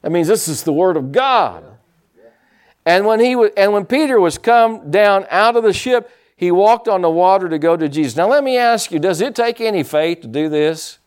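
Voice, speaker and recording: A male pastor preaching a sermon, animated, acting out quotes and calling for responses from the congregation. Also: sits high, moderate pace, clear, resonant tone.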